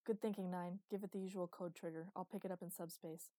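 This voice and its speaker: A hard-nosed male cop snaps out orders in a brusque, commanding way, as a woman narrator puts him on. Her voice stays dark and mellow under the edge, and the recording is dry and close. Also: lowish voice, steady tone, quick pace, no room sound, natural voice. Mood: stern.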